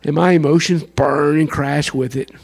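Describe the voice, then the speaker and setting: A man preaching a sermon in an animated way, acting out the voices of fans and worshippers. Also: fairly high pitch, moderate pace, gravelly, slightly rough. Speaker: pastor.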